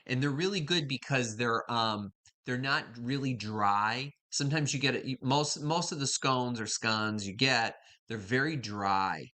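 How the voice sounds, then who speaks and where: Bright-voiced chatty woman host. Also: very deep voice, a little slow. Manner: chatty, rambling, greets viewers by name. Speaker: live stream host. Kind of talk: casual chat with live viewers. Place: home kitchen.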